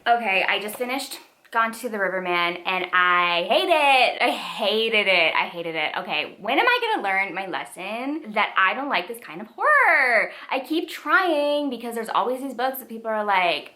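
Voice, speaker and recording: Bright, animated young woman book vlogger. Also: mid-range voice, moderate pace, few pauses. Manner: animated, expressive, chatty. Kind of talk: casual book review vlog.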